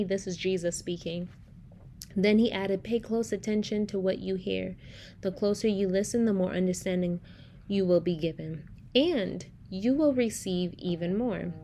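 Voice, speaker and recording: A woman's voice: medium pitch, warm tone, a little hiss or hum. A young adult woman hosting a faith-based podcast, telling stories in a chatty way with preacher-like emphasis. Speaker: podcast host.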